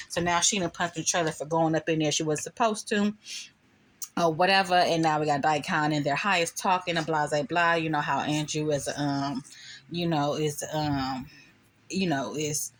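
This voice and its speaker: Woman on a casual show recap, lower voice, talks through scenes and does the lines herself. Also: fairly even intonation, moderate pace. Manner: chatty, recounts scenes with quoted voices. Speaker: show commentator.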